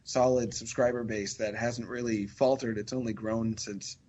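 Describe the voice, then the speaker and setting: A man's voice: mid-range voice, little pitch movement, moderate pace, mellow, lo-fi sound. A man talking as a podcast guest in a rambling, chatty way full of fillers and restarts. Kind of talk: casual podcast chat.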